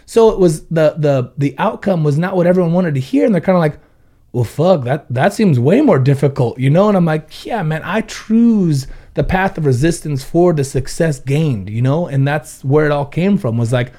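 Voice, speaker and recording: A thirties-aged man from Ventura County in Southern California, who owns a car audio shop, chats on a casual podcast, telling blunt, profane stories full of quoted back-and-forth. His voice is a little high and mellow, with lively intonation, normal speed, and hardly any pauses.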